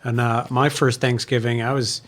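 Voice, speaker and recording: A man's voice: medium pitch, flat delivery, moderate pace. A man from Scotland with a Scottish accent, co-hosting a casual podcast and teasing out stories with wry questions. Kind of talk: casual chat.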